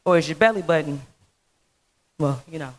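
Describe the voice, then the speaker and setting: A woman's voice: sits low, normal speed, heavy background noise. Chatty woman telling a funny story. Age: 30s. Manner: animated, chatty storyteller with asides. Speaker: speaker at a dental festival talent show. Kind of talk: humorous storytelling speech.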